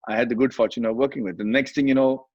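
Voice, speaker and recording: A middle-aged man with an Indian English accent tells stories quickly and with animation in a casual chat, slipping into the voices of the people he quotes. His voice is slightly low and husky. The recording is dry and somewhat dull. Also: dry recording. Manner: animated, switches between English and Hindi, acts out quoted voices. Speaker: guest, film actor.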